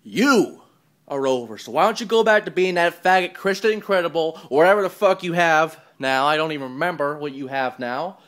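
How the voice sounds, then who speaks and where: A man delivering a profane wrestling-style promo rant, taunting and mocking, swinging between loud jeers and low mutters. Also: a little fast. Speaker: online wrestling promo host.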